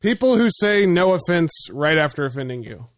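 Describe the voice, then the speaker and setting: A man's voice: fairly high pitch, big pitch swings, brisk, no room sound. Man from florida, podcast co-host, swears a lot, laughs a lot, dry close sound. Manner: profane, laughs often, rambling. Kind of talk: casual podcast chat.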